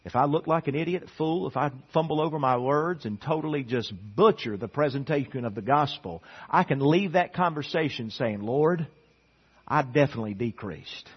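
A man preaching a sermon, his voice high and a little husky. He swings from loud, emphatic declarations down to near-murmured stretches. The sound is dull and lo-fi. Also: brisk, few pauses. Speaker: pastor.

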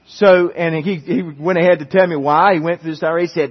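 A man's voice: a little high, brisk, few pauses. A man preaching a sermon, telling a personal story in a conversational way, with frequent restarts and asides to the congregation. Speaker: pastor. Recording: dull muffled recording with long hall reverb.

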